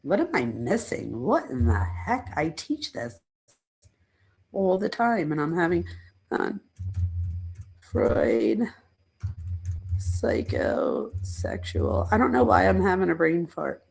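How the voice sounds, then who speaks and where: This middle-aged true crime channel host, also a psychologist, has a fairly low, darkish voice that's a little husky and rough with fry. Very animated yet measured in pace with long pauses, she explains ideas in a casual livestream lecture chat. She rambles chattily, speaks straight to her viewers and pokes fun at herself along the way.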